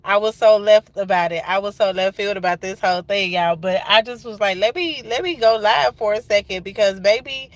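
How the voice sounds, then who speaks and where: A woman's voice: mid-range voice, normal speed, few pauses, no echo. A woman in her thirties with a Georgia accent, venting casually on a livestream and repeating lines for emphasis with folksy Southern slang. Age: 30s.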